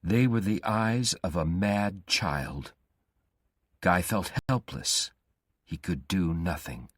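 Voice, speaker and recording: A man reading a simplified story aloud slowly and deliberately for English learners. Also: low-pitched, lively intonation, dry recording, clean studio sound. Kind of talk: graded reader narration for English learners.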